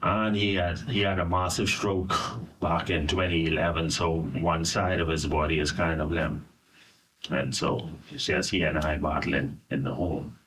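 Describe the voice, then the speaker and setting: A middle-aged Bahamian man recounting a personal ordeal in an interview, halting and full of "you know". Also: a bass voice, level tone, fairly bright tone, slight background noise. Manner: halting, searching for words, frequent "you know". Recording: voice from a distance.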